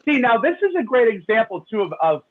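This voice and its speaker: A man co-hosting a radio talk show, chatting excitably with large jumps in pitch. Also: fast talker, slight background noise. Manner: excitable, with big swings in pitch. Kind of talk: casual talk-show chat. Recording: phone-line call-in audio.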